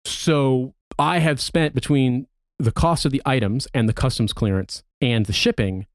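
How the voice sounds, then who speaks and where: A man's voice: mid-range voice, moderate pace, dry recording, clean studio sound. An American man, a podcast co-host, ranting in casual chat with plenty of profanity. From United States.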